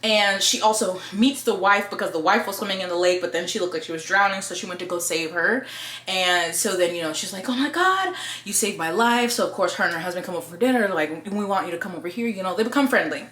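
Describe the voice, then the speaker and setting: A woman reviewing books in a casual, blunt, expressive way and swearing freely. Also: lowish voice, quick pace, roomy sound. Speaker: book reviewer.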